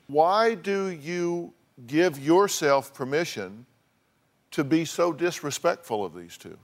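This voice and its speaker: A man's voice: a little high, lively intonation, takes it slowly. Blunt lecturing talk show host, man. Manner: blunt, lecturing, repeats for emphasis. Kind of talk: confrontational counseling.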